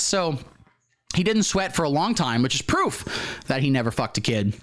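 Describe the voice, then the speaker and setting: A man hosts a satirical comedy show, reacting in a deadpan, mock-earnest tone while playing naive. His voice sits a little high, and his pitch moves around a lot. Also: moderate pace. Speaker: comedy host. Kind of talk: satirical mock-serious commentary.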